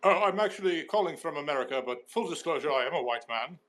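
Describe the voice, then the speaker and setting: A man's voice: fairly high pitch, expressive, fast talker, a bit bright. A man calling in to a talk show, speaking in a Mid-Atlantic accent with stilted, formal phrasing. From New York City. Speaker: caller. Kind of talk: call-in trolling.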